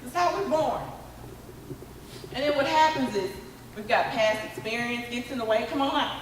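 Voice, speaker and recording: High-voiced woman speaker in echoey hall. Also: normal speed, far from the mic, slight background noise. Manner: animated, coaxing, repetitive calls. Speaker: motivational speaker. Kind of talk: motivational talk with audience volunteers.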